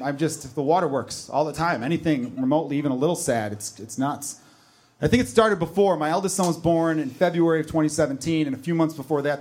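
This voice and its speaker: Man, thirties, stand-up comic, fairly high voice, chatty self-deprecating stories, club stage mic. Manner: conversational, self-deprecating storytelling. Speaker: stand-up comedian. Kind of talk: stand-up comedy set. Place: comedy club stage with audience.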